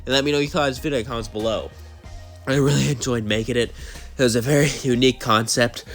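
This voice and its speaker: A man's voice: mid-range voice, steady tone, quick pace, soft background music. A young man with a cold, narrating a fan story and chatting to viewers in a rambling, heartfelt way. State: sick with a cold, coughing. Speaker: channel host, storyteller.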